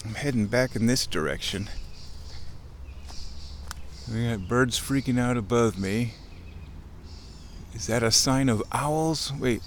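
Here a man with a medium-pitched voice talks slowly and pauses often while walking a wooded creek. He's a nature vlogger in a chatty, playful mood, copying sounds and chuckling a lot. Slight background noise and faint outdoor ambience come through.

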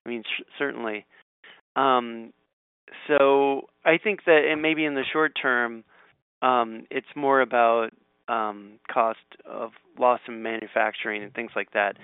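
A man reading quiz questions aloud and thinking out loud in casual chat, with frequent ums and restarts. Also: medium pitch, steady tone, unhurried, clear, resonant tone, dry recording. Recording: tinny phone-like audio.

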